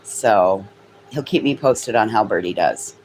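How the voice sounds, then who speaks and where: A woman's voice: expressive, a little slow, darkish tone, slight background noise, low-quality recording. A woman chatting casually with viewers, swearing freely. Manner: high sing-song baby talk to her dogs. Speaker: livestream host.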